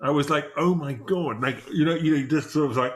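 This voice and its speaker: A man's voice: on the high side, fast talker. A man in his fifties from Britain, hosting a podcast interview in a chatty, meandering way. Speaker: podcast host. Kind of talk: casual interview chat.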